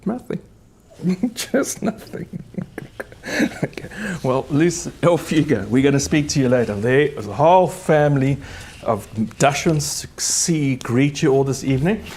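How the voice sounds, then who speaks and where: Middle-aged man, pianist-host; relaxed, chatty between-pieces patter in an ordinary mid-range voice. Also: medium pitch, moderate pace, slight background noise. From South Africa. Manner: warm, chatty, reminiscing, with gentle restarts. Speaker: concert pianist hosting a live concert. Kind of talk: casual spoken introductions between pieces.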